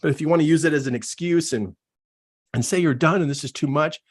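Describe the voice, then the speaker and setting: A man giving an emphatic, repetitive motivational talk as a business coach, animated and preaching. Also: on the high side, fast talker. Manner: animated, acts out quoted voices.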